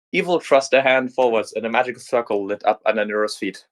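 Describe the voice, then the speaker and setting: A man's voice: medium pitch, quick pace. A man reading a fan story aloud in a casual narration, with small slips and restarts. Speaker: fanfic reader.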